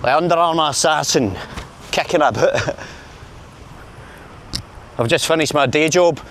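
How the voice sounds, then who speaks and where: A man's voice: on the high side, a little slow, a bit bright, a little hiss or hum. A man with a Glaswegian Scottish accent chatting jokily to viewers while walking outdoors, filming himself on a handheld camera. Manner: chatty, jokey, talking to viewers. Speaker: vlogger. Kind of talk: casual walking vlog chat. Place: outdoors on city streets.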